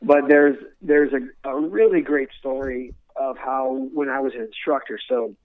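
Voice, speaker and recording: A man's voice: mid-range voice, measured pace, no room sound. Earnest man telling stories over a tinny line. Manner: earnest, repeats words when restarting. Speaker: guest, former military instructor. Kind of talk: conversational storytelling interview.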